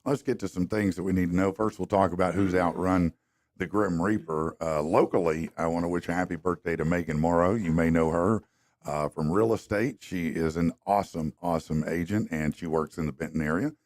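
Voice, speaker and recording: A deep-voiced radio host runs a casual morning show from a studio, sounding upbeat and loose with drawn-out fillers. His tone is steady and a little mellow, captured on a studio mic with no echo.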